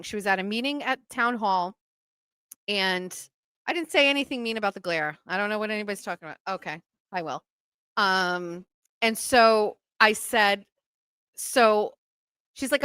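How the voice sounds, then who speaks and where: Podcast host: New woman, bright, higher voice, animated storyteller who acts out the quotes, dry close mic. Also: normal speed, smooth, no echo. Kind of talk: casual storytelling.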